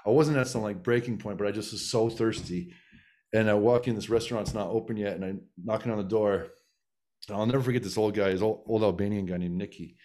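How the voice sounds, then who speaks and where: A man's voice: fairly low pitch, quick pace, darkish tone. A middle-aged man casually telling a long personal story, with many restarts and fillers. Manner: rambling, frequent restarts and filler.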